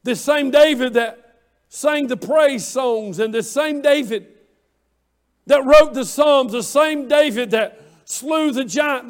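Impassioned high-voiced man preaching a sermon. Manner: impassioned, swinging from hushed to shouting; repeats phrases in cadence. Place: church room with online viewers.

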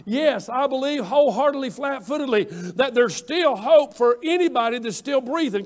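A man's voice: very high-pitched, expressive, moderate pace, hardly any pauses. A man preaching a fervent sermon, calling out to his congregation and pressing his points with emphasis.

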